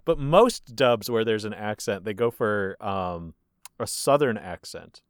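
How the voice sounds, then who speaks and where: A man hosting a casual podcast chat and asking the questions, with blunt, dark deadpan humor. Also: fairly low pitch, measured pace, smooth, no room sound, studio quality. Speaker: podcast host.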